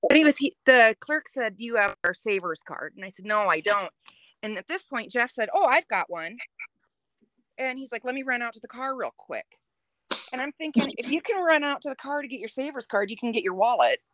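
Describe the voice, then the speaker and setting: A woman's voice: on the high side, brisk, dry recording. Chatty woman telling a story. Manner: chatty, animated, laughs while telling. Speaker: podcast guest. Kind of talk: casual storytelling.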